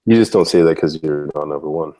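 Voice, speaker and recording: A man with a heavy cold, co-hosting a casual live-stream chat with deadpan, teasing banter. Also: extremely low pitch, quick pace. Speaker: co-host.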